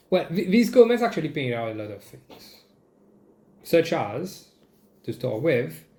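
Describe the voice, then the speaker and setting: A young man from Mauritius, host of a comedy show, ranting in a casual, animated way and swearing freely. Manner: animated, jumps into mocking high-pitched quoted voices, swears. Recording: echoey room.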